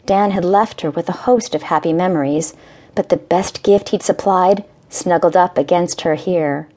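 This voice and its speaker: Woman narrating an audiobook, lowish voice. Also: moderate pace, warm tone. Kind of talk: scripted narration.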